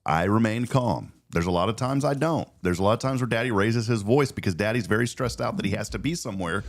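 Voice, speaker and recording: A man, hosting a casual morning show and telling stories with lively voices. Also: fairly low pitch, quick pace. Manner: animated storyteller, acts out voices. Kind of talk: casual chat.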